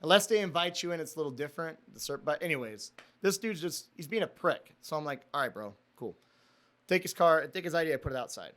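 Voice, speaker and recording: Young male guest, slightly high voice, casual rambling storyteller, heavy swearing. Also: lively intonation, fast, hardly any pauses, a bit bright. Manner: profane, rambling, says "dude" a lot. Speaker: podcast guest, former prison officer.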